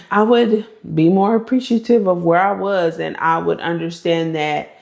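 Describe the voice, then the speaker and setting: A woman's voice: lowish voice, a little slow, creaky, dull audio. Chatty woman in an echoey room. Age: 30s. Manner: chatty, animated, laughs often. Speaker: lifestyle vlogger. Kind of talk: casual get-to-know-me chat.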